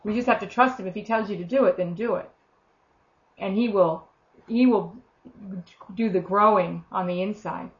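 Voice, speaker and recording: A woman's voice: medium pitch, a bit bright. Earnest woman preaching, lo-fi sound. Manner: earnest, conversational, acts out quoted voices. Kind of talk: informal sermon teaching.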